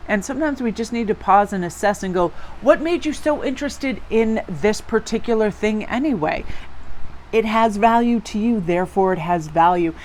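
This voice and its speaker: A Connecticut woman with a Northeastern American accent gives her viewers a chatty, encouraging tarot reading that drifts into rambling asides. Her voice is lowish, and a faint hiss or hum runs under the recording.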